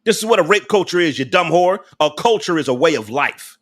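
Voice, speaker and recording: Bright-voiced, angry, preachy man. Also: fairly high pitch, lively intonation, a little fast. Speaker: host of a live reaction channel. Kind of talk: live reaction rant.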